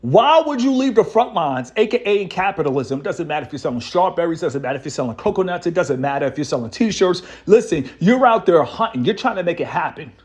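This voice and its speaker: A man's voice: on the high side, sing-song, quick pace, few pauses. A man giving a preachy, repetitive relationship-advice monologue as the show's host. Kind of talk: motivational monologue to camera.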